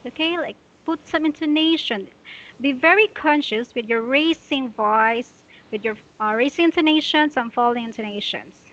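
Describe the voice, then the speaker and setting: Slow, bright-voiced woman tutor. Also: high-pitched, muffled recording. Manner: patient, corrective, many "okay"s. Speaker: English tutor. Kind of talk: online English lesson, correcting reading.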